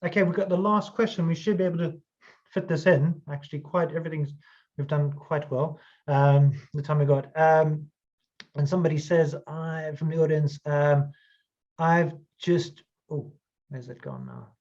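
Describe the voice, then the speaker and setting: A man's voice: on the high side, fairly even intonation, normal speed, a little mellow. Man reading questions over a dull line. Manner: hesitant, many fillers. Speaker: interviewer.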